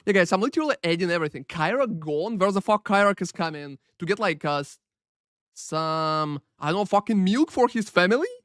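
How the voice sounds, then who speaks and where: High-voiced, brisk and fairly bright with lively intonation, a Paris-based man hosts a game live stream. His casual chat is profane, rambling and filler-heavy as he greets viewers by name, all recorded dry at studio quality.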